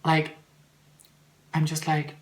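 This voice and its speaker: A young man with a Norwegian accent chatting casually while eating on camera, rambling with lots of fillers and swearing, sometimes jumping into loud, shrill, mocking outbursts. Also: monotone, slow pace. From Norway. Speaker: vlogger.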